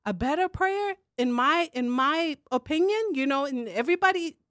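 Earnest, preacherly woman with a higher voice. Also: expressive, moderate pace, fairly bright tone, dry recording, studio quality. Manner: earnest, preacherly, acts out quoted prayers. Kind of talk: casual faith discussion.

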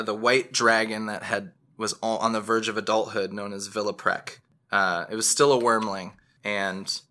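A man running a tabletop game as game master, narrating in a rambling way full of fillers and restarts. His voice is bright and forward at a lowish pitch. He shifts between scene description and questions to the players. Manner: rambling, with many fillers and self-corrections.

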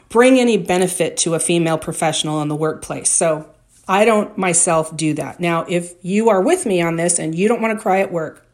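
A woman's voice: fairly low pitch, darkish tone. A woman giving career advice to women in a direct, conversational way, with anecdotes and tips. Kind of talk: motivational advice talk.

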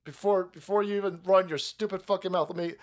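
A man's voice: sits high, fast. A man hosting a profane, sarcastic political comedy rant on his stream. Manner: animated, foul-mouthed, sarcastic. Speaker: streamer host.

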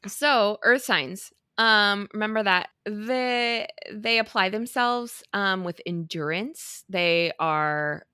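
A woman's voice: mid-range voice, slow, hardly any pauses, sharp tone, smooth. A woman co-hosting a podcast in a casual, rambling way, tossing in fillers as she goes. Her voice sits mid-range and sounds close and dry, with no room echo. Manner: playful, rambling, lots of fillers. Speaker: podcast co-host. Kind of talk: casual chat.

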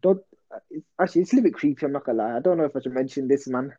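A man's voice: mid-range voice, racing, mellow, slightly rough, muffled recording. A young man telling a rambling, slangy story on a casual podcast. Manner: rambling, slangy, self-interrupting. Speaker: podcast host.

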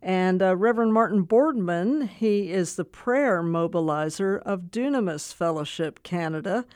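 A man's voice: sits high, animated, measured pace, a little mellow, smooth, no echo, clean studio sound. Friendly male radio host. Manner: friendly, playful introductions. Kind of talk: casual radio interview.

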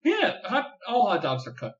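A young man telling a rambling, profane story on a podcast, full of fillers and animated outbursts. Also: sits high, moderate pace, roomy sound, dull audio. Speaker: podcast guest. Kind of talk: casual storytelling chat.

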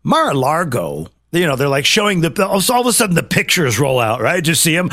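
A man co-hosting a casual political talk show, sitting a little high in his register. He mocks as he goes, swinging his pitch widely and slipping into other people's voices. The recording is close and dry, with no room sound. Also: a little fast, few pauses, dry recording. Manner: animated, mocking, acts out quoted voices.

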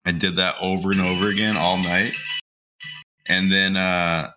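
A man's voice: deep voice, level tone, measured pace, noisy background. A man in his twenties, a podcast co-host, telling crude stories in brash, profane casual banter.

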